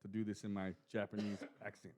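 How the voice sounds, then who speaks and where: A man co-hosting a casual podcast, hyping up guests with drawn-out introductions and easy banter. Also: fairly low pitch, completely flat delivery, a little mellow, a little hiss or hum. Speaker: podcast co-host. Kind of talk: casual chat. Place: studio.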